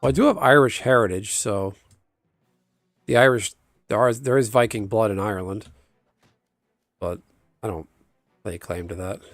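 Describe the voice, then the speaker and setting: A man's voice: on the low side, moderate pace, pauses often, no room sound, clean studio sound, soft background music. A man chatting casually on a livestream, rambling and answering viewers' chat aloud. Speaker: live streamer.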